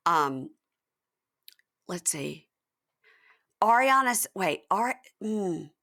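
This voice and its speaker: A woman hosting a podcast, recapping a reality show in casual chat and acting out quotes with big jumps in her voice. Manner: animated, acts out quotes with big pitch jumps. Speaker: podcast host.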